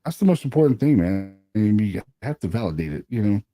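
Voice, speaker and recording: A laid-back man talks shop as a paranormal investigator in easy, casual chat. His voice sits low and very dark and mellow, and he keeps tagging his points with friendly filler. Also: very animated, fast. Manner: laid-back, peppers talk with "you know what I mean" and "man".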